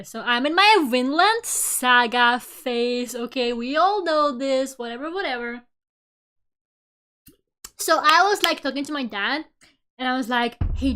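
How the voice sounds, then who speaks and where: A woman in her twenties chatting casually on a live stream, giggly and animated as she tells stories. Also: high voice. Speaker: VTuber streamer.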